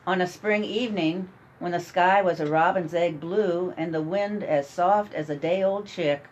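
A woman narrating a story in an amateur radio drama, reading in a measured way. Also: lowish voice, a little mellow, a little hiss or hum, low-quality recording.

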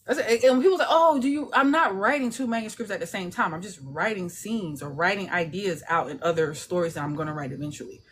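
A woman's voice: medium pitch, fast, hardly any pauses, slight background noise. A woman, an indie author, chatting casually and animatedly, acting out voices with laughter and salty language. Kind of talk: casual chat.

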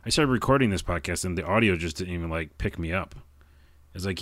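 A man with a very low voice hosts his own podcast, chatting alone. He rambles, stumbles over words and pokes fun at himself. The recording is dry and close. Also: animated, fast talker, no room sound. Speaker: podcast host. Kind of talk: casual solo podcast chat.

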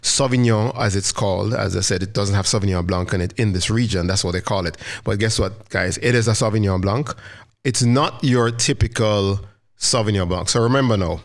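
A man's voice: on the low side, brisk. A man co-hosting a wine podcast, casually explaining wine regions and grapes in a teaching way. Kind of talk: casual chat.

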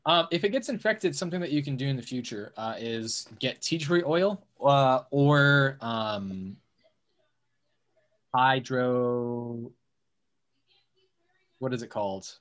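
A man's voice: medium pitch, slow, long pauses, a bit bright. A man hosting a podcast, teasing and sarcastic in casual chat, swearing freely. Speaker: podcast host.

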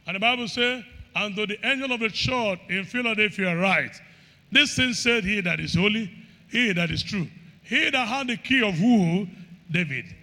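High bright-voiced preacher in a reverberant hall. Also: male voice, animated, moderate pace. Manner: call-and-response questions to the congregation; reads scripture in King James wording, rising and falling emphasis. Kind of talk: sermon.

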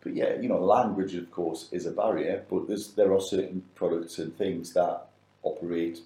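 A man's voice: low voice, fairly even intonation, normal speed, dark tone, roomy sound, poor audio. A middle-aged man, co-hosting a casual business chat and repeating words as he thinks aloud.

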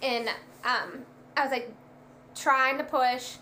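Young woman, casual storyteller, animated, bright and slightly high voice. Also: slow, slight background noise. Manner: animated, lots of "like", acts out quoted lines. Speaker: guest telling a birth story.

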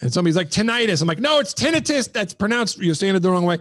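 A middle-aged man with a fairly high voice tells rambling, self-mocking stories as a comedy podcast host. He talks into a headset mic, and the sound is dry and close. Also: lively intonation, racing, no echo. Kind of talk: casual comedic chat.

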